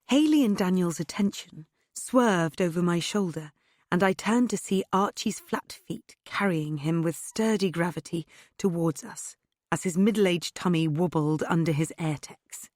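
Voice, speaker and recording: A woman's voice: on the low side, measured pace, a little mellow, no echo, clean studio sound. A woman narrating a cozy mystery audiobook in the first person, with a wry storytelling tone.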